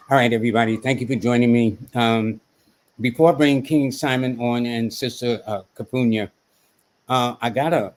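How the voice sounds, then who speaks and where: Man hosting a live astrology stream. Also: on the low side. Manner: conversational, quotes text messages aloud, many fillers. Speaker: host and astrologer. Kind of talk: casual live-stream talk.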